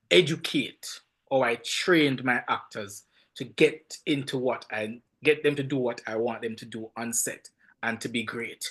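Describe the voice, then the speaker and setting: A man with a Jamaican accent, a film director and podcast guest, telling stories in an animated, emphatic way and often repeating words. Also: mid-range voice. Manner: animated, emphatic storytelling with frequent word repeats. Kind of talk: casual podcast interview.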